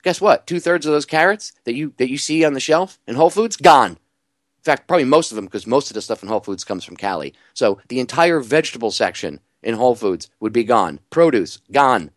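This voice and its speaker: Male radio host, animated monologue, sarcastic asides, mid pitch, dry studio sound. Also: a little fast, dry recording. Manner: animated, sarcastic, rhetorical questions. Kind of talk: conspiracy talk radio monologue.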